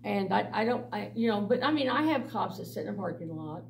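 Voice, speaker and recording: A middle-aged woman giving a blunt, animated personal testimony to a church group, laughing often as she tells her stories. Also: medium pitch, fast, vocal fry. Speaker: mission director. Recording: distant mic with faint background noise.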